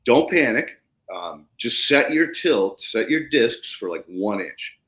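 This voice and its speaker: A man hosting a podcast, telling stories casually and animatedly, swearing freely and jumping up in pitch when he acts out excitement. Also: slow. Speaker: podcast host. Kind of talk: casual storytelling conversation. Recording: roomy echo.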